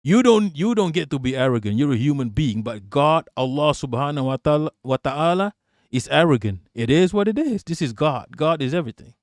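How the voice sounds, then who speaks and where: A man's voice: on the high side, lively intonation, a little fast, dry recording, studio quality. A man hosting a casual political livestream, talking bluntly and profanely and laughing as he reacts to chat. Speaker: livestream host.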